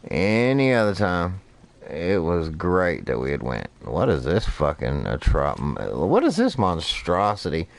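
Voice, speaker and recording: A man's voice: sits low, huge pitch swings, measured pace, creaky. A man streaming a fishing game, telling rambling, profane stories while he plays. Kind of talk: casual gameplay commentary.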